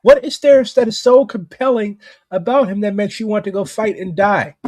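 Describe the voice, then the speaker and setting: A man's voice: sits high, moderate pace, darkish tone, dry recording, studio quality. An American man in casual political chat, talking bluntly and profanely in heated rants. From United States.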